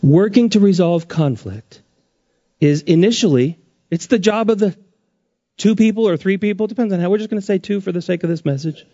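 A man preaching a sermon as pastor, his pitch rising and dropping sharply for emphasis. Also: brisk, warm tone, no room sound, lo-fi sound.

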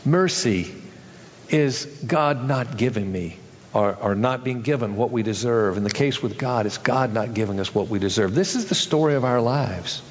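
A man's voice: normal speed, long reverb tail, muffled recording. A male pastor preaching a sermon, acting out the people in a parable with changes of voice. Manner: acts out characters in a story, shifting pitch for each.

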